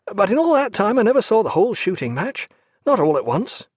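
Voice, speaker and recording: A proud veteran sailor, as a man reads him aloud. He speaks emphatically, pitched well above the narrator's own voice. The sound is close and dry. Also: very animated, brisk, a little mellow, husky, dry recording, exaggerated voice.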